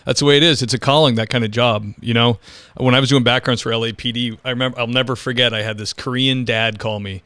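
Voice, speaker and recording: A man's voice: mid-range voice, bright, forceful tone, smooth, no echo. A man hosting an interview talks frankly and rambles through police anecdotes. His voice sits in a middle range. The sound is dry and close. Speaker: podcast host, police officer. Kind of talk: casual interview chat.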